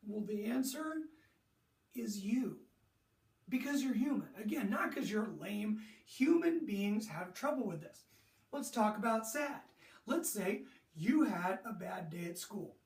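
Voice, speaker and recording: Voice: mid-range voice, animated, unhurried. A sports mental coach teaching young athletes, talking animatedly, asking rhetorical questions and acting out athletes' moods. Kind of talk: motivational lesson to young athletes. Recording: roomy echo, distant from the mic.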